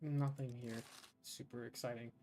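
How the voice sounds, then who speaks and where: A man's voice: medium pitch, level tone, normal speed, mellow, faint music behind. A man from Ireland streaming a game, chatting casually and rambling with lots of fillers. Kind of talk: casual gameplay commentary.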